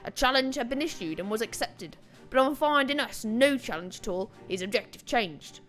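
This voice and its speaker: Woman reads a grim war veteran from a game; plain, halting read-aloud over soft music. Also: a little high, expressive. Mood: grave. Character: grim male soldier recounting a lost war. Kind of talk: reading game dialogue aloud.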